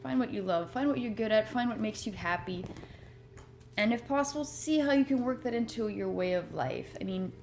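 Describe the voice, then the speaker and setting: A woman's voice: on the high side, lively intonation, normal speed, darkish tone, slight background noise. A woman vlogging at home, chatting in a rambling, earnest, self-deprecating way about motivation. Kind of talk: rambling casual chat. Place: home room with her cat.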